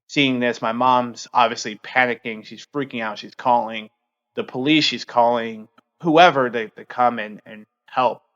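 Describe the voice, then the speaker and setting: A man in his thirties speaks at an ordinary middle pitch, earnest and open as he tells a personal story on his podcast. His talk is halting and full of fillers. The recording sounds slightly dull and lo-fi. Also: fairly bright tone. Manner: halting, heavy use of fillers. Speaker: podcast host.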